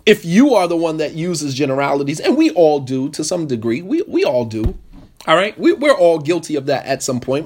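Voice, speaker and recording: Guy running a marriage workshop, kinda high voice, keeps asking the room questions and hammering points home. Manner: lively, questions the audience, repeats points for emphasis. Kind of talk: interactive talk to a live group.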